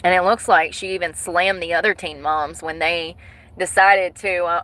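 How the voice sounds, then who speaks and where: Chatty bright-voiced woman vlogger. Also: on the low side, normal speed, dry recording. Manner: animated, swears, breaks into laughter. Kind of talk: casual gossip chat to viewers.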